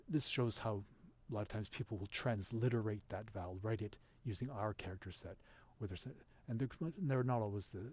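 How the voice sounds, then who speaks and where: A man giving an informal lesson over a shared screen, patient and explanatory, pausing often with fillers and restarts. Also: on the low side, a little mellow, breathy edge. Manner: halting, with many fillers and restarts. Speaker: teacher.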